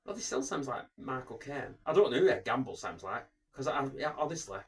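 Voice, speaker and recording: A man's brisk, medium-pitched voice swings widely in pitch as he co-hosts a laid-back podcast, joking, talking over others and doing impersonations.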